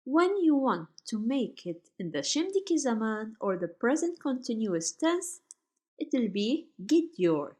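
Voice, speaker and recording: A woman teaching Turkish grammar from slides, saying each example word slowly and carefully. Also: on the high side, big pitch swings, dark tone. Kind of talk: slide-based grammar lesson.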